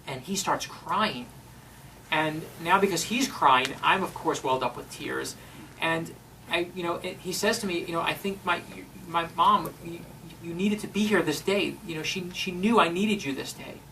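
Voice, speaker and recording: A man's voice: on the high side, moderate pace, gravelly, sharp tone. A middle-aged man giving a heartfelt storytelling speech to an audience, earnest and emotional. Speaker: speaker at an event. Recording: distant mic in a room with faint noise.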